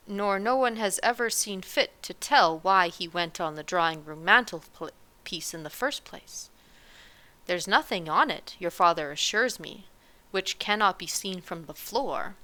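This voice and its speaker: A woman voicing an anxious, scolding tiny mother in a storybook reading, sharp and emphatic. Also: lowish voice.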